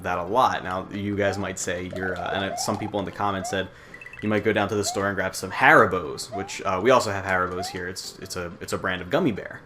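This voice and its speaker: Rambling, joking American guy with game music. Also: low voice. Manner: rambling, profane, joking asides. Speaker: let's play host. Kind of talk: casual gameplay commentary. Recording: game music playing under the voice.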